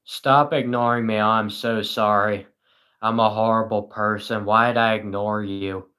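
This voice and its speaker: Tired, slow-talking British man. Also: fairly low pitch, little pitch movement, bright, forceful tone, clean tone. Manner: dry, self-mocking, sarcastic. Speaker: livestream host. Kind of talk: casual livestream chat reading comments.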